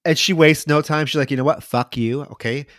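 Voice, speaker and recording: A man's voice: a little high, a little fast, no echo, clean studio sound. A man hosting a podcast, retelling a horror film scene by scene in a loose, profane way. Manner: lively, profane retelling with mock voices. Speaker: podcast host. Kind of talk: casual movie recap chat.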